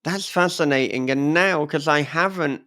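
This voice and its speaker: A man's voice: fairly high pitch, normal speed, bright, forceful tone. A man hosting a podcast interview, reflective and enthused, thinking aloud as he responds to his guest. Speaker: podcast host.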